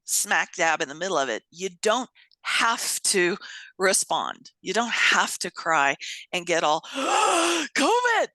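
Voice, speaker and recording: A woman's voice: on the low side, lively intonation, a little slow, bright, forceful tone, dry recording. A woman hosting an interview, chatting casually, telling stories with frequent laughter and acted-out quotes. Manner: chatty storyteller, laughs often, acts out quotes. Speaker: host.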